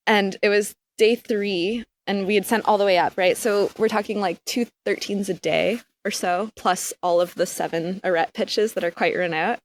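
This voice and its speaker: A woman, a climber, telling a story as a podcast guest in a casual, animated way full of "like" fillers. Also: lowish voice, a little hiss or hum. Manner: animated, filler-heavy "like" speech.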